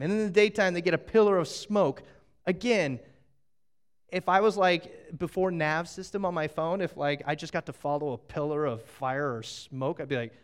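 High-voiced man preaching with playful asides. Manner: animated, jokey, acting out quick asides. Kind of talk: sermon.

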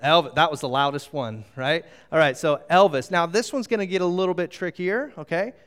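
A middle-aged man preaching a sermon as a pastor, animated and storytelling, drawing the audience into a little game. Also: on the high side, fairly quick. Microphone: handheld microphone.

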